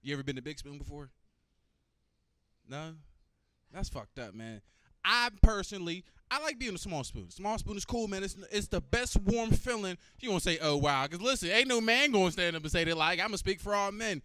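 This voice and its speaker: A man doing a profane, loose stand-up comedy set and chatting with the crowd. His voice is fairly high and smooth. The sound is close and dry. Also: expressive, brisk, bright, forceful tone, no room sound.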